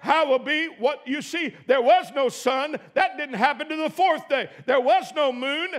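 A man preaching a sermon as pastor, emphatic, swinging between shouted praise and quiet asides. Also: extremely high pitch, unhurried.

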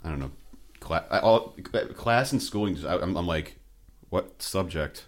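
A man's voice: low voice, animated, moderate pace. A man co-hosting a podcast, chatting loosely and swearing freely. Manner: laid-back, swears freely. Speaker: podcast co-host. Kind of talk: casual banter.

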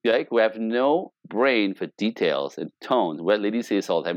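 A man's voice: lowish voice, lively intonation, normal speed, hardly any pauses, dry recording, studio quality. A middle-aged man coaching on relationships in casual talk, acting out quoted dialogue with playful exaggeration and swearing freely.

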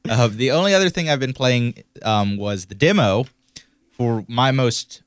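A man's voice: mid-range voice, animated, measured pace, clean tone, no echo. Co-host, male, mid voice, hesitant and easygoing, dry close mic. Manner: hesitant, lots of ums and softened opinions. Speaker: podcast co-host. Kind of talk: casual podcast chat.

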